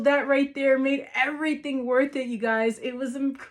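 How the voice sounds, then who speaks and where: A woman's voice: sits high, steady tone, moderate pace. A woman vlogger gushing over a live wrestling event in a casual, emotional recap, laughing often and calling out to her viewers. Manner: gushing, emotional, laughs often, says "you guys" and "literally" a lot. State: near tears at moments.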